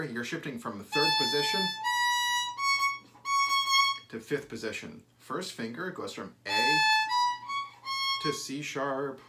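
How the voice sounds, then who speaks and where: A man teaching a violin lesson, explaining bowing and shifting and counting out beats. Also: medium pitch. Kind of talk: instrumental music lesson. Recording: loud violin playing under the talk.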